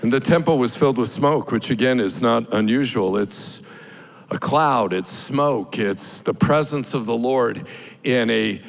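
A man preaching a sermon as pastor, building from plain explanation to loud, drawn-out cries. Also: medium pitch, gravelly, some chatter behind, poor audio.

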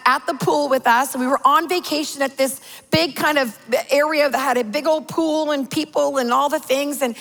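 A high-pitched woman in her forties delivers a sermon. She tells stories with lively, playful exaggeration. Her voice rings out with a long reverb, as in a large church hall. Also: vocal fry. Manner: animated storytelling with playful exaggeration. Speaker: pastor's wife preaching.

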